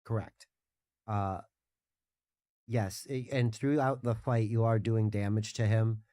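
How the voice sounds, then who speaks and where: A man's voice: lowish voice, fairly even intonation, slow pace, dark tone, dry recording, clean studio sound. A man, a podcast guest, chatting casually about a video game, rambling with frequent restarts and self-corrections.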